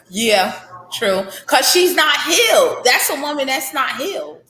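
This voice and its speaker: Bright-voiced woman speaking of faith. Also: high-pitched, very animated, takes it slowly, slight background noise. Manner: heartfelt, faith-filled, repetitive emphasis. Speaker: author guest. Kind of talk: candid interview conversation. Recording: echoey room.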